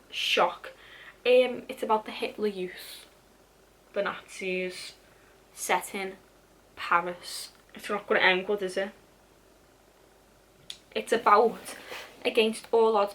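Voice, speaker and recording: A woman's voice: mid-range voice, fairly bright tone, slight background noise. A young woman chatting casually about her unread books, with dramatic asides and casual swearing. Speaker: book vlogger. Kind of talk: casual chat.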